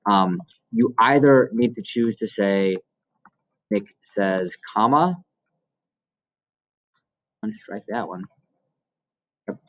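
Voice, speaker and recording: A man's voice: fairly low pitch, takes it slowly, pauses often, fairly bright tone, lo-fi sound. A male teacher explaining how to quote and cite in essays, walking through examples step by step. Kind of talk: recorded classroom lesson.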